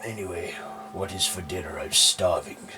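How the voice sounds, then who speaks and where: A man's voice: deep voice, normal speed, sharp tone, soft background music. A man doing a stern, dismissive father. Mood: impatient. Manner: blunt, impatient. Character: stern middle-aged father, dismissive skeptic.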